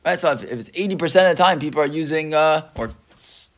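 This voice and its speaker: A man's voice: fairly high pitch, lively intonation, fast. A middle-aged man teaching a Talmud class in a conversational way. He reads out Hebrew text, explains it in English, and keeps checking with his students. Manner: conversational, often asks "right?". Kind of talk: classroom lecture.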